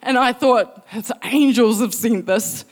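Aussie woman telling her faith story, animated, acts out the quotes, kinda high voice. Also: unhurried. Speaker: speaker sharing faith story. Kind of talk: personal testimony.

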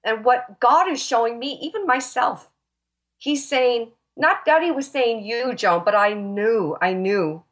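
A woman's voice: fairly high pitch, expressive, unhurried. A woman speaking as a talk show guest, sharing an emphatic, emotional Christian testimony and sounding close to tears. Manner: passionate, emphatic, near tears.

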